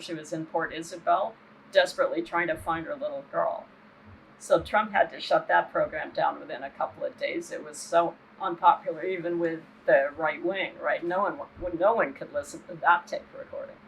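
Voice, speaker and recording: A woman's voice: low voice, vocal fry, a little hiss or hum, poor audio. An older woman giving an impassioned interview as a human rights activist, earnest and indignant, often checking in with "right?".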